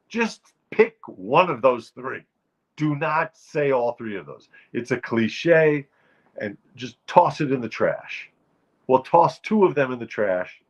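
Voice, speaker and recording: A man's voice: medium pitch, expressive, takes it slowly, lo-fi sound. A man hosting a show, delivering a wry, emphatic comic rant about turns of phrase. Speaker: show host. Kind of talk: comic monologue.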